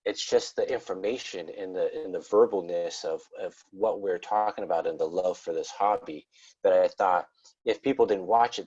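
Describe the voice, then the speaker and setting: A man's voice: sits low, darkish tone, breathy edge. A man hosting a hobby podcast, chatting casually in a rambling, self-deprecating, friendly way. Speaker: podcast host. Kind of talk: casual interview chat. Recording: dull lo-fi podcast audio.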